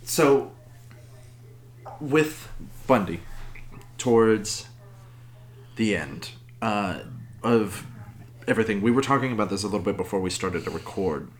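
A man with a low voice hosts a casual podcast, stumbling and restarting as he sets up questions for his co-host. A faint hum of ambient noise sits behind him. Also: expressive. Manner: halting, restarts and prompts questions. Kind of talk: casual chat.

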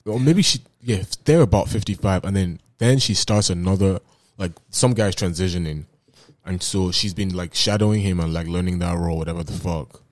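A man's voice: deep voice, moderate pace, darkish tone, no echo. A man hosting a casual podcast, laid-back, swearing freely and using slang. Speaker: podcast host. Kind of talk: casual chat.

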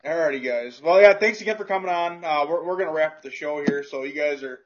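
A man's voice: on the high side, fast talker, dull audio. A man hosting a podcast, laid-back and casually profane as he wraps up the show. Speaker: podcast host. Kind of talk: casual chat.

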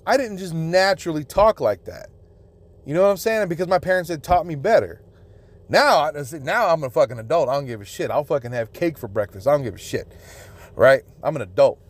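A young man with a drawl hosting a solo podcast rant, swearing nonstop and sounding outraged and emphatic. His voice sits a little higher than most men's, and he keeps up a crude, indignant tone throughout. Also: animated, a little fast. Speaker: podcast host.

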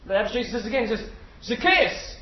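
A man's voice: high-pitched, expressive, a little fast. A man preaching a sermon to a crowd in a large hall, telling the story with animation and checking in with his listeners through questions. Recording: echoey hall, distant mic, dull sound, faint noise.

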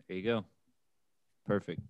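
A man's voice: low-pitched, steady tone, unhurried, a little mellow, no echo. A man co-hosting a casual podcast chat, blunt and easygoing with his jokes. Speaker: podcast co-host.

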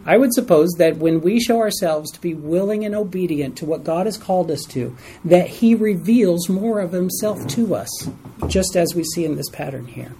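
A man teaches a Bible study to a small group in a room, with a soft, mellow tone. He keeps coming back to key words, repeating them for emphasis and putting questions to the listeners. A faint hiss sits under his voice. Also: sits high, lively intonation, moderate pace, rough recording.

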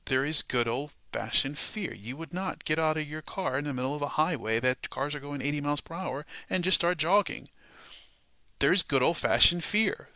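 A man's voice: on the high side, fairly quick, few pauses, bright, forceful tone, no room sound. A man preaching a sermon, emphatic and repetitive, peppering his points with rhetorical questions.

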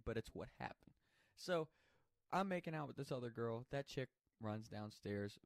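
A man recounts a personal story in loose, casual speech, peppered with swearing and bursts of laughter. His voice sits at a middle pitch and is recorded close and dry. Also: dry recording. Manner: profane, animated, laughs while telling.

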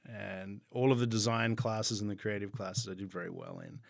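A man's voice: fairly low pitch, steady tone, normal speed, vocal fry, dry recording, studio quality. A man with an Australian accent, chatting as an upbeat, jokey guest telling stories. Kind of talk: casual interview chat.

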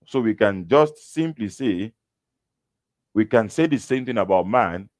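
Man, low voice, sermon, emphatic verse reading, dry close recording. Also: expressive, unhurried, no echo. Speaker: preacher. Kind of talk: sermon teaching from scripture.

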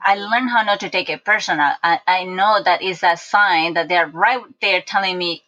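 A woman guest telling personal stories in casual conversation, animated and full of restarts, on a dull lo-fi recording. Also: fairly low pitch, normal speed, hardly any pauses. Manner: animated storyteller with many restarts and acted-out quotes.

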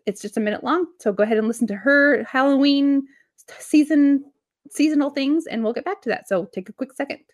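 A woman's voice: high voice, a little fast, no echo, clean studio sound. A woman in her thirties co-hosting a podcast, chatting casually and swearing now and then. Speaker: podcast co-host. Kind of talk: casual chat.

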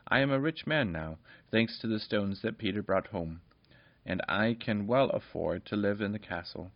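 A man's voice: fairly low pitch, normal speed, no echo, natural voice. A proud father who has just come into money, formal and pleased, as a man reads him. The recording is dull and lo-fi. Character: proud father, newly rich villager.

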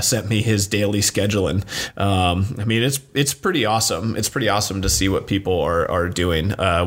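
A man who runs a gym, giving his members a casual, earnest motivational talk full of fillers. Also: lowish voice. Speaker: gym owner and coach.

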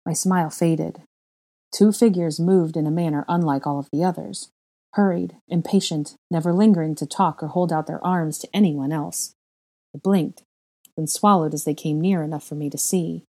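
A woman reading a first-person fan fiction story aloud in a measured, expressive way. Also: low voice. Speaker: audiobook reader.

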